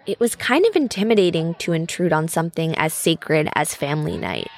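A woman's voice: low voice, very animated, a little fast. A woman narrating a podcast episode in a conversational, scripted storytelling style.

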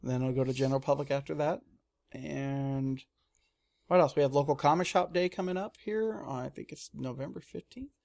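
A man in casual chat, telling lively stories and acting out his own screams. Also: mid-range voice, normal speed, gravelly. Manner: animated storyteller, mimics his own screams. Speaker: comic shop staff guest. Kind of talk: casual radio-style chat.

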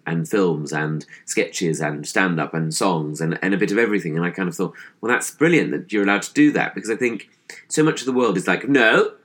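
A man's voice: low voice, fairly bright tone. A young man with a posh English accent, chatting as a comedian guest in an interview, thoughtful and hesitant with many fillers. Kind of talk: casual interview chat.

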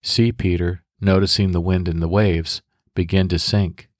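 Deep-voiced man leading calm guided prayer. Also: dry recording, studio quality. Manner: calm, measured, instructive pacing. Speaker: devotional podcast host. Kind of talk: guided prayer and scripture meditation.

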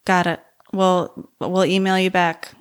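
A woman's voice: on the low side, measured pace, clear, resonant tone. Chatty woman podcast co-host. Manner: animated, laughs often, lively storyteller. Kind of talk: casual chat.

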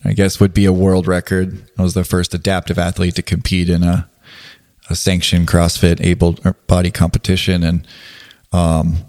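A man who is an adaptive athlete, telling stories in a relaxed podcast chat with frequent laughter. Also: deep voice, normal speed. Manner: laughing, animated storyteller. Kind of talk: casual storytelling.

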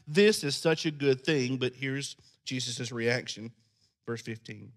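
A man preaching a sermon, animated and acting out scenes in character voices. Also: medium pitch, measured pace. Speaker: pastor.

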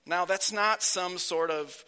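A male pastor delivers a sermon in a high, bright voice. He moves at a slow, deliberate pace, and his phrases trail off quietly. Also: clean tone.

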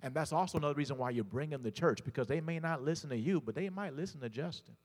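A male pastor with a fairly high voice preaches a sermon. He tells stories, doubles back on his words and calls out to the congregation. His voice carries a long hall reverb. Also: animated, fast talker, a little mellow.

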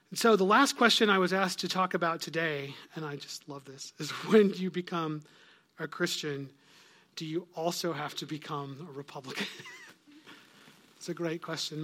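A man giving a conversational Bible teaching, earnest and plain, quoting scripture and acting out the people in it. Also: on the high side. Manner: earnest, conversational, quotes scripture with acted voices.

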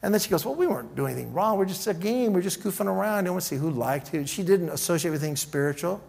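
Animated man preaching casually. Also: sits high, very fast, creaky, husky. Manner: casual, animated, acts out quoted dialogue. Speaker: pastor. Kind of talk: sermon storytelling.

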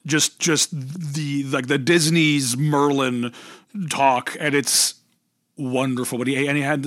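A man's voice: mid-range voice, fairly bright tone, dry recording, studio quality. A man, a voice actor and storyteller, talking reflectively in a casual interview, rambling and restarting his thoughts. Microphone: close podcast microphone.

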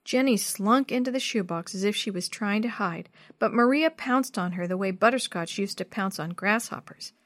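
A woman narrating a children's chapter book in a clear, steady storytelling voice. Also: mid-range voice, normal speed, hardly any pauses, dry recording.

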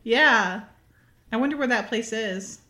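A woman's voice: fairly high pitch, a little slow. Giggly woman recapping a movie. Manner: giggly, animated, retells scenes with quoted voices. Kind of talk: casual chat recapping a movie.

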